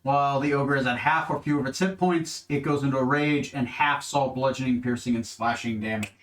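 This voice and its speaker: A man's voice: medium pitch, a little fast, fairly bright tone. A man running a tabletop game as game master, narrating in a laid-back, jokey way.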